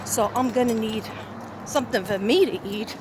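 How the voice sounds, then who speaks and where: A woman's voice: fairly high pitch, normal speed. A middle-aged woman vlogging from her car, rambling in a scattered, self-mocking way. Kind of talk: rambling casual vlog chat. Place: inside a parked or moving car. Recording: car noise behind the voice.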